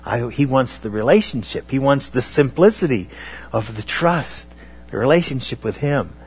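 A man preaching a sermon on scripture, talking in a halting way with many fillers and restarts. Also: mid-range voice, expressive, breathy edge.

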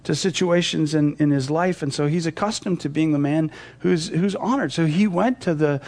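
A man's voice: a little high, normal speed, darkish tone. A man teaching a Bible passage verse by verse, explaining and retelling it in a conversational way.

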